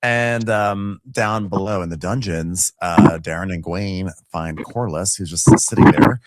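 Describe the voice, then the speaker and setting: A man's voice: deep voice, fairly even intonation, a little slow, a little hiss or hum. A man co-hosting a podcast, chattily recapping a TV episode and acting out the characters. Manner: chatty, laughs easily, acts out the characters. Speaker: podcast co-host.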